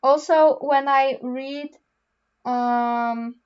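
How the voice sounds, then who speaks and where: A woman's voice: sits high, steady tone, drawn-out words, clear, resonant tone, highs cut off. A teenage girl with a Polish accent, rambling casually through homework with lots of ums and restarts. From Poland. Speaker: vlogger. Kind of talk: casual chat while doing homework.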